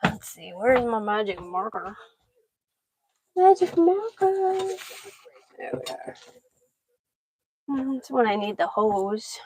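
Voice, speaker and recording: A woman's voice: mid-range voice, unhurried, pauses often, husky. A middle-aged woman chatting casually while potting seeds in a greenhouse, talking to her pets now and then. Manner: chatty, talks to her pets mid-task. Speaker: vlogger. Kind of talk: casual chat while gardening.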